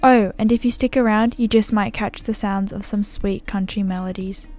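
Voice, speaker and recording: A woman's voice: mid-range voice, fairly even intonation, normal speed, a little mellow, faint music behind, close to an everyday voice. A woman reading aloud the lines of a friendly male Western ranch hand from a game, in a folksy, welcoming manner.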